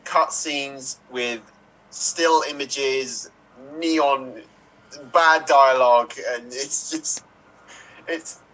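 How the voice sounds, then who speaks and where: A man in an improv show chatting casually, halting and searching for words. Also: mid-range voice, fairly even intonation, bright, forceful tone, poor audio. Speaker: improv performer. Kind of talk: casual chat.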